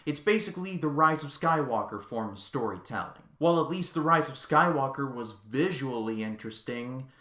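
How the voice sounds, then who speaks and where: A man's voice: mid-range voice, lively intonation, moderate pace, few pauses, bright, forceful tone. A man reviewing a film in a casual vlog, ranting in an exasperated, sarcastic way. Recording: echoey room.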